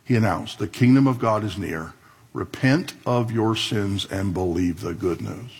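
A man preaching a sermon in a strongly husky, raspy voice. He reads scripture aloud, then breaks into conversational comments and dry asides, and keeps it plain and direct with the congregation. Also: fairly low pitch, measured pace. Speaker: pastor.

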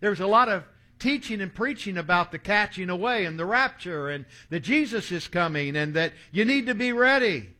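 A man in his sixties delivers a sermon, mixing stories with scripture read aloud. His voice is bright and sits a little high. He speaks with an earnest preacher's manner. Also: lively intonation, moderate pace. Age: 60s. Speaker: pastor.

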